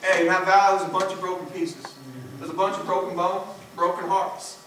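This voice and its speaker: A man preaching a sermon, emphatic, swinging between loud peaks and hushed low passages. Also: flat delivery, brisk. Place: church sanctuary. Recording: echoey church from far off, noisy.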